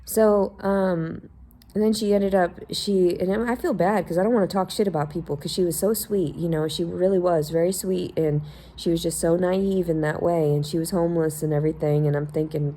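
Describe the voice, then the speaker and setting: A woman's voice: on the low side, fairly even intonation, normal speed, warm tone. A woman hosting a podcast, ranting in a sarcastic, profane casual monologue. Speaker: podcast host.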